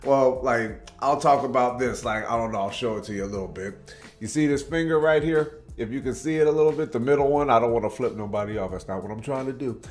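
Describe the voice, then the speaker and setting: A man's voice: mid-range voice, quick pace. A man from Tacoma, Washington, hosting a reaction video, telling rambling, laid-back stories and saying "man" a lot. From Tacoma, Washington, USA. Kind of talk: casual storytelling commentary. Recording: roomy echo with faint background music.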